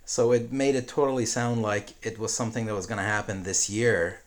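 A man's voice: on the low side, fairly even intonation, a little fast. A man co-hosting a casual tech podcast, speaking in an agreeable, analytical way. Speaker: podcast co-host.

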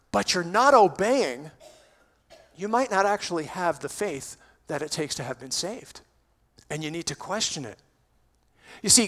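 A man preaching a sermon in a church, expressive, building to emphatic peaks. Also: on the high side. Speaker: pastor. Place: church sanctuary.

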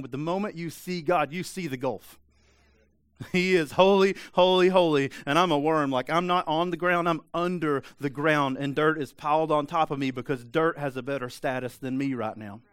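A male pastor preaches emphatically in a conversational way, now and then dropping into quiet, intense asides. His voice is slightly high and smooth and clear. It is recorded close, with a dry sound. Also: no echo. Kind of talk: sermon.

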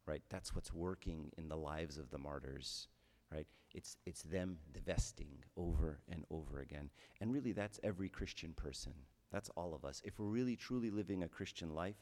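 A man's voice: deep voice, mellow, big-room sound. A man giving a conversational homily as a priest, often checking in with his listeners with "right?".

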